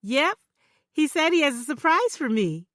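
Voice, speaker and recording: A woman voicing a shrill young woman, bright and sharp in tone. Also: steady tone, a little slow, dry recording, studio quality. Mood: bubbly. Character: shrill young woman, bubbly then furious.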